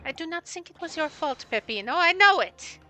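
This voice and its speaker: A woman's voice: very high-pitched, lively intonation, a little fast, bright, forceful tone, faint music behind, pitched above the performer's own voice, heavily acted. A woman voicing a haughty male gang boss with a put-on French accent. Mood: scolding. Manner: scolding, haughty.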